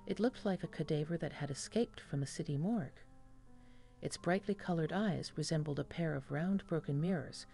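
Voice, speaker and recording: A woman narrating a first-person horror story in a measured, ominous delivery. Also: deep voice, creaky, warm tone.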